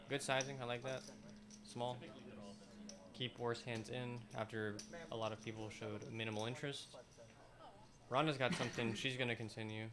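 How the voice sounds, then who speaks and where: A man giving measured, strategic live commentary on a poker game. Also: mid-range voice.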